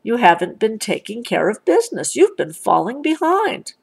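A woman's voice: fairly high pitch, sing-song, normal speed, gravelly, breathy edge, full character voice. A woman playing a stern father bear.

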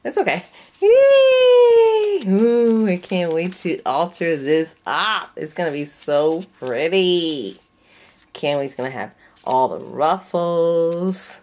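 A woman vlogger gushing with excitement as she unboxes a craft kit, gasping and cooing over each item, sounding a little sleepy. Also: low-pitched, slow. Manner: effusive, breathy gasps and squeals of delight.

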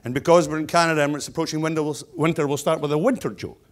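A man's voice: a little high, steady tone, very fast. Blunt, jokey Scottish man in his sixties. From Scotland. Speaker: keynote speaker, stonemason. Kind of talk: humorous keynote speech.

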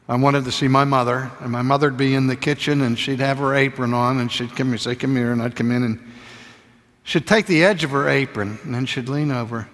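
An older man preaching a sermon, telling stories intimately and sometimes dropping to a soft whisper. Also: mid-range voice, big-room sound.

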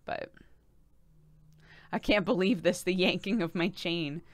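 A woman's voice: on the low side, unhurried, no room sound. A young woman streaming a game, chatting casually with her viewers, reading their messages aloud and laughing often.

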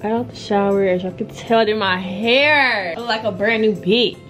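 A woman's voice: mid-range voice, moderate pace, fairly bright tone. A young woman talking casually to her camera at home, slangy and chatty, often breaking off mid-thought. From United States. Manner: chatty, slangy, self-interrupting. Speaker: vlogger. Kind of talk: casual vlog chat. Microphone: camera or phone mic. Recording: music playing behind.

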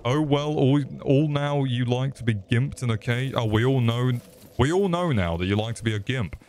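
A man's voice: medium pitch, moderate pace, darkish tone, a little hiss or hum. A young Englishman streaming a game, joking crudely, swearing often and chatting back to his viewers. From England. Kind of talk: live gameplay commentary.

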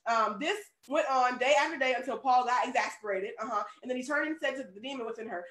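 A woman delivers a sermon in a lively, conversational way, her emphasis rising in bursts. Her voice sits high. It echoes around a church room. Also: fast talker, hardly any pauses. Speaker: preacher.

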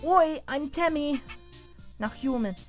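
A bouncy, broken-speaking little cat-dog creature girl chirps in a high voice, as a woman puts her on. She talks in excited baby talk, with faint game music playing behind. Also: takes it slowly.

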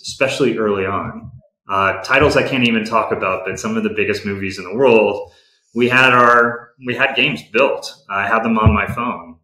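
Bright-voiced man in an echoey room. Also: lowish voice. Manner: candid, practical, with frequent restarts. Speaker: game company executive, interview guest. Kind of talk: conversational interview answers.

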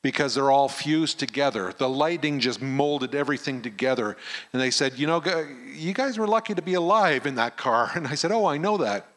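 A man's voice: mid-range voice, a little fast. A middle-aged man, a pastor telling a personal story in a sermon at a camp meeting and acting out the dialogue. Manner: animated storyteller who acts out the dialogue.

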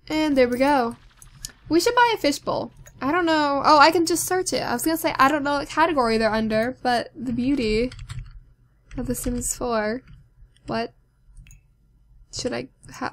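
A young woman with a high, light voice talks her way through a game. She rambles, giggles at herself and chats straight to her viewers in a loose, casual way. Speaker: let's play host. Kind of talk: casual gameplay commentary.

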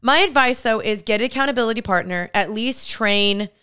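A young woman co-hosting a casual podcast, giving earnest, heartfelt advice in a rapid flow of talk. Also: fairly high pitch, pushed and bright, clear, resonant tone, dry recording, clean studio sound. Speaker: podcast co-host. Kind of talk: casual chat.

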